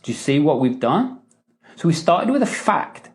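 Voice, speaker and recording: A man's voice: a little high, normal speed. A man hosting a live Q&A session, teaching persuasive phrasing and acting out example lines with emphasis, often chuckling and checking in with "right?" and "okay?". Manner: animated, acts out example lines with rising and falling emphasis; frequent "right?" and "okay?" tags, chuckles between points. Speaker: podcast host and coach.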